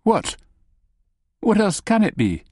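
A man voicing an anxious, edgy young man, in a higher, strained voice. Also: wildly swooping pitch, slow, warm tone, slightly rough, no echo, studio quality, heavily acted. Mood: agitated.

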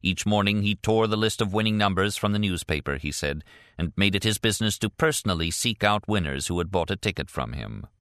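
With a very deep yet crisp and forceful voice, a man narrates a novel for an audiobook in a steady, deliberate way. It is scripted narration, recorded close and dry with no echo.

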